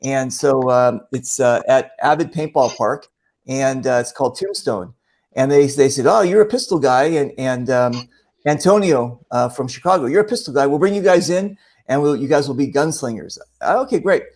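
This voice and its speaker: A man's voice: medium pitch, moderate pace, darkish tone. A man hosting a casual online show, telling stories in a rambling way with many fillers and acting out other people's voices. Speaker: show host. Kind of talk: casual storytelling chat.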